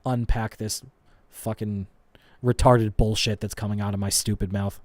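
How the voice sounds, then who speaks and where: A man's voice: lowish voice, level tone, normal speed, a little mellow, no room sound. A man hosting a live stream, rambling and swearing as he mocks his own old videos. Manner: profane, self-mocking, rambling. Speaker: host. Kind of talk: live reaction commentary.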